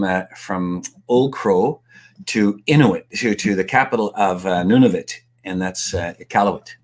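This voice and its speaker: Brief: lively male storyteller from Canada, lowish voice, speaker at a talk. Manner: animated storyteller acting out dialogue. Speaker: guest speaker and author.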